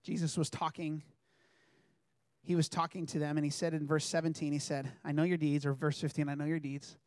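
Male preacher, slightly high voice, earnest and chatty delivery, dry close sound. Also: little pitch movement, a little fast, a little mellow, clear, resonant tone, no room sound. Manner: earnest, conversational, reads scripture aloud. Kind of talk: sermon.

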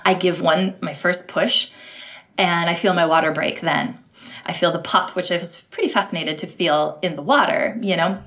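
A woman from the United States telling her birth story in an interview, animated, acting out quotes and laughing often. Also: fairly low pitch, normal speed. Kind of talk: emotional personal storytelling.

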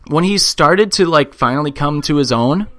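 A man's voice: on the high side, lively intonation, moderate pace, pushed and bright, dry recording. Guy chatting on a podcast, loose and sweary, riffs and does silly voices. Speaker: podcast co-host. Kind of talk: casual wrestling podcast chat.

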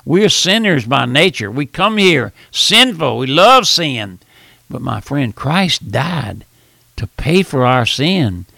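A man preaching as a pastor in a fervent radio sermon, swinging between hushed pleading and loud urging. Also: mid-range voice, big pitch swings, takes it slowly, vocal fry, no room sound.

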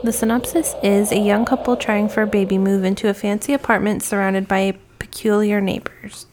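A female podcast co-host reviewing a film in casual chat. Her voice is mid-pitched, and her delivery is calm and steady. She reads the synopsis and the credits without fuss. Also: fairly quick, background noise.

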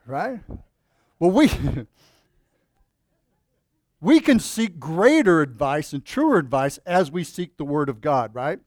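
A man's voice: a little high, very animated, slow pace, pauses often, no room sound, studio quality. A man preaching as a pastor at a church service, praying earnestly and then telling a folksy joke with many fillers and restarts. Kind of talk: sermon with opening prayer.

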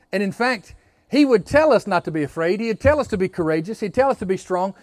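High-voiced preaching man, dry sound. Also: big pitch swings, fast, no echo. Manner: preaching with rising emphasis and call-and-response. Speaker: pastor. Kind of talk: sermon.

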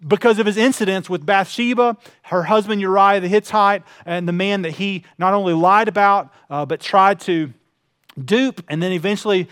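A pastor with a high-pitched voice preaches a sermon at a moderate pace, earnestly telling a personal story. He drops into hushed tones before building in intensity, and the recording is clean, echo-free, and studio quality.

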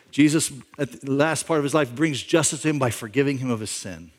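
A middle-aged male pastor giving a sermon, telling a story conversationally, with lines that climb louder and higher for emphasis. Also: moderate pace. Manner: conversational storytelling, imagining a backstory aloud; rises in pitch and volume for emphasis.

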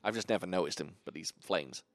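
A man's voice: low-pitched, fast talker, dry recording, clean studio sound. A man hosting a podcast, chatting casually and enthusiastically about kung fu films, swearing freely. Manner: enthusiastic, swears often, lists titles. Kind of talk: casual chat.

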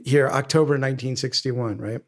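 A man's voice: medium pitch, fairly even intonation, brisk. A man co-hosting a podcast, guiding the talk through a band's history and introducing songs. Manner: steers the episode, introduces songs. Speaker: podcast co-host. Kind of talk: casual music discussion.

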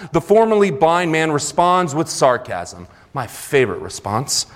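A man preaching a sermon in a church sanctuary, retelling scripture earnestly with conversational asides. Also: on the high side. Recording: long reverb of a large hall.

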